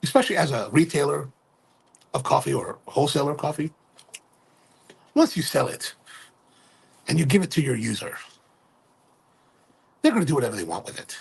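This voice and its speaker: Gravelly, husky middle-aged man rambling. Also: fairly high pitch, sing-song, brisk, pauses often. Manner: rambling, self-correcting, keeps asking "right?". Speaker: livestream host and coffee retailer. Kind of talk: casual livestream chat.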